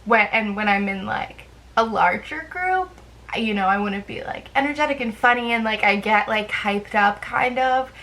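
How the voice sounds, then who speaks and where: A woman's voice: mid-range voice, lively intonation, normal speed, bright, forceful tone, low-quality recording. A young woman chatting casually to camera in a rambling, self-deprecating way, with lots of fillers. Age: young adult. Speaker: vlogger.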